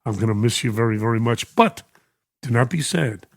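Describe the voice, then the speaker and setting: A man's voice: medium pitch, expressive, fairly quick, vocal fry, no room sound, clean studio sound. An older man with a New York accent, hosting a radio show and reading listener messages, emotional and chuckling often. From United States. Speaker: radio host. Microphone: studio microphone.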